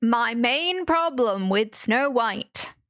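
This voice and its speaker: A woman co-hosting a podcast, ranting in casual chat with opinionated, lively pitch jumps. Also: slow, no room sound, clean studio sound. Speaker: podcast co-host.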